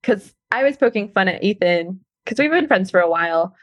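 Guest: young woman, bubbly and giggly, mid-pitched voice, dry close sound. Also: lively intonation, brisk, no room sound, muffled recording. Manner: bubbly, laughs often, many fillers. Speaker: professional climber, guest. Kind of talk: casual podcast interview.

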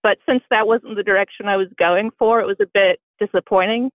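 A woman's voice: medium pitch, fairly even intonation, brisk, dry recording. A woman from Indiana with a Southern-sounding accent, calling in to a podcast and talking wryly about herself. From Bloomington, Indiana. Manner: wry, self-deprecating. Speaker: caller. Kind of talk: phone-in conversation. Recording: tinny phone line.

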